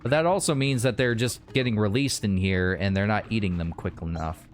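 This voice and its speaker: A man's voice: lowish voice, a little fast, slight background noise. A man hosting a gaming video, talking his game through casually and thinking aloud. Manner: relaxed, thinking aloud, with restarts and laughs.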